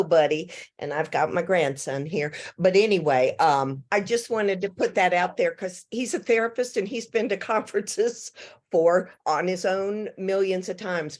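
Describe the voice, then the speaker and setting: A woman's voice: lowish voice, darkish tone. An older woman speaking heartfelt and close to tears, sharing feedback in a casual video-call chat. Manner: tearful, heartfelt.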